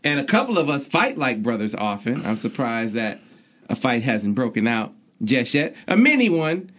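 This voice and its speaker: A man's voice: medium pitch, big pitch swings, normal speed, fairly bright tone. A male sports radio host in a studio, leading the chat and reading station breaks in an upbeat way. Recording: dull lo-fi radio broadcast.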